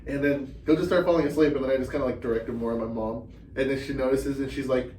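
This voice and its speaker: A man's voice: medium pitch, fast talker, slight background noise. A young man, a podcast guest, telling family stories in casual chat and acting out their lines. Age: young adult. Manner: animated storyteller, acts out his family's lines. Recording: echoey room, mic at a distance.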